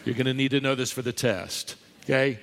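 A man's voice: mid-range voice, fairly even intonation, brisk, a bit bright. A man preaching a sermon to a live congregation, emphatic and teasing the listeners. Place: large church hall with live audience. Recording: long hall reverb.

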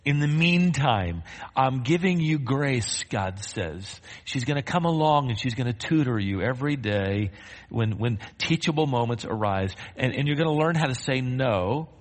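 A man's voice: medium pitch, lively intonation, moderate pace. A male pastor preaching a sermon with emphasis, leading his congregation in call-and-response and then praying. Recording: long reverb of a large hall.

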